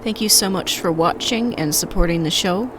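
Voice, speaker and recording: Woman narrator, lowish voice, calm scripted horror storytelling, faint background hiss. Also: normal speed. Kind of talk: scripted narration of scary stories.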